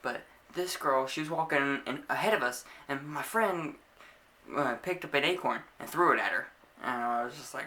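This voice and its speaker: A man's voice: mid-range voice, normal speed, pushed and bright. A young man vlogging a casual storytime to camera, laughing often and acting out the scenes as he tells them.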